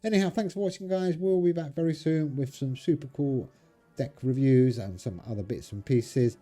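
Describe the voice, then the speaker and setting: A man's voice: mid-range voice, normal speed, dark tone, soft background music. A man hosting a game channel, chatting casually to viewers as he plays a card game. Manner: chatty, talks to viewers while playing cards. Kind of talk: casual gameplay commentary.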